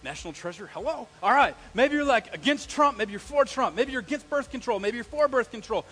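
A man, a pastor, preaching a live sermon, telling stories in an animated way and asking the congregation questions. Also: extremely high pitch, brisk, low-quality recording.

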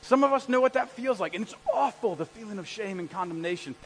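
A male pastor preaching a sermon with a husky voice, telling stories in an animated way and shouting out the lines he quotes. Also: sits high, quick pace, slight background noise. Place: church hall. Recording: echoey hall.

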